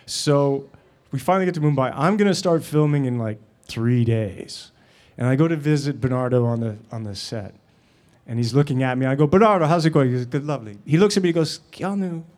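A middle-aged man speaking as a guest at a live Q&A, searching for his words with plenty of ums and false starts. His voice sits at an ordinary male pitch. He laughs easily between thoughts. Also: darkish tone. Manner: halting, with many fillers and restarts, laughing often. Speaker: actor and guest at a Q&A. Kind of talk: anecdotal Q&A talk.

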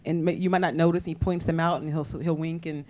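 Fast-talking woman telling family stories. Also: low-pitched. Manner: quick, animated storytelling with frequent laughs. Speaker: interview guest. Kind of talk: casual interview chat.

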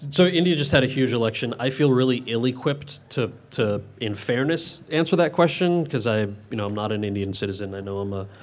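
At a Q&A event, a man in his thirties fields audience questions in a medium-pitched voice with lively intonation. He talks briskly, barely pausing, rambling along, correcting himself and restarting often.

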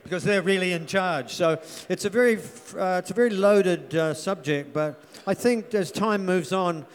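A man from New Zealand with a somewhat high voice answers audience questions, restarting phrases and joking. His manner is casual and talkative. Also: normal speed. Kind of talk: panel Q&A answers.

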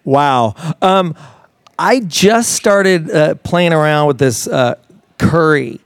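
A man's voice: a little high, expressive, slow pace, clear, resonant tone, no room sound, clean studio sound. A man talking at a live interview, enthusiastic and rambling, with frequent restarts and fillers. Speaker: fitness trainer guest. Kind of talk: casual interview talk.

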